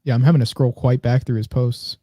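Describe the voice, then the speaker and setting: Mellow-voiced man browsing posts aloud. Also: mid-range voice, steady tone, brisk, no echo, clean studio sound. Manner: reads posts aloud while scrolling, thinking out loud. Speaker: podcast co-host. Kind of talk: casual podcast chat.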